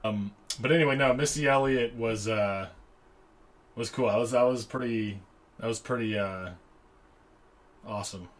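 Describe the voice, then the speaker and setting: A man's voice: medium pitch, moderate pace, long pauses. A man co-hosting a podcast in easygoing casual chat, often trailing off into fillers and repeated words. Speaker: podcast co-host.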